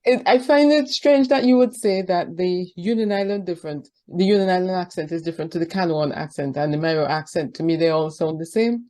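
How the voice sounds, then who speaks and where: A woman hosting a radio interview show, asking questions and thanking her guest in a formal, measured way. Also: lowish voice, dark tone.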